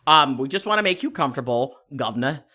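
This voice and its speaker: A man's voice: a little high, sing-song, normal speed, sharp tone. A man hosting a podcast, chatting in a brash, crude, teasing way. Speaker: podcast host. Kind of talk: casual podcast chat.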